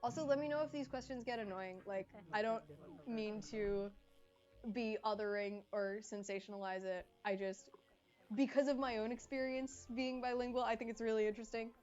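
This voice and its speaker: A woman's voice: on the high side, fairly even intonation, normal speed, a little mellow, lo-fi sound, soft background music. A woman streaming live who chats casually with her viewers and answers their messages, sounding slightly congested. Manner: chatty, reading and answering chat.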